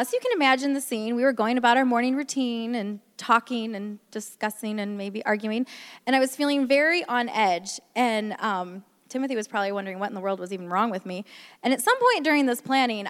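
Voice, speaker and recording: Fairly high-pitched and somewhat bright, a woman talks a little fast as she offers a frank, self-mocking marriage testimony at a church event, filling it with ums and uhs. Her words echo with long reverb in a big hall.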